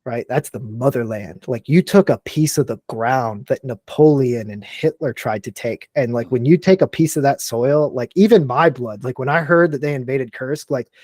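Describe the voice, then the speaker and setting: A military veteran from Texas and Tennessee chats animatedly as a podcast guest, recorded dry in a close room. At medium pitch and normal speed with few pauses, he hammers his points, says "like" constantly and swears freely.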